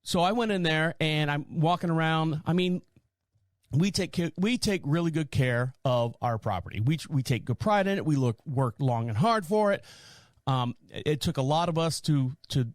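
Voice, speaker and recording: A man's voice: a little high, lively intonation, moderate pace, no echo, studio quality. A man hosting a podcast, telling a long rambling story with an exasperated edge and frequent restarts. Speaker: podcast host. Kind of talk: rambling anecdotal podcast monologue.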